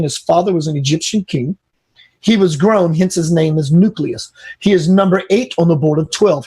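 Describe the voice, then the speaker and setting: A man being interviewed as a spiritual teacher, telling an animated story and acting out the dialogue. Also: on the high side, breathy edge.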